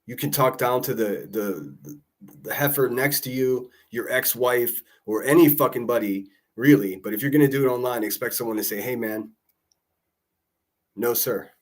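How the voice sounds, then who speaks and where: A man's voice: mid-range voice, normal speed. Profane, mocking male livestream host. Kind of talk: casual livestream commentary.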